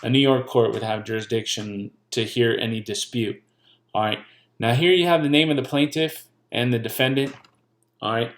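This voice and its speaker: A man's voice: medium pitch, moderate pace. A man casually explaining legal paperwork, blunt and joking, repeating his points and swearing now and then. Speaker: channel host giving legal pointers.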